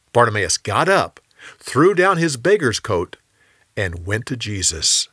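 A man narrating a Bible story in a calm, expressive storytelling manner. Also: on the low side, moderate pace, husky, no echo, clean studio sound.

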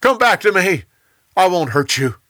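A man's voice: sits high, very animated, normal speed, pushed and bright, no room sound, studio quality, pitched above the performer's own voice, heavily acted. A man voicing Saul, an older king speaking with contrition and regret. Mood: remorseful. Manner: pleading and contrite.

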